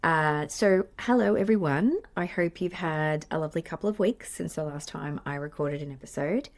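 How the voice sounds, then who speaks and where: A woman's voice: deep voice, moderate pace. A woman in her forties with an Australian accent, hosting her own podcast in chatty, effusive, rambling talk. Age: 40s. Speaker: podcast host, play therapist. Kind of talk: casual solo podcast chat. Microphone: podcast microphone.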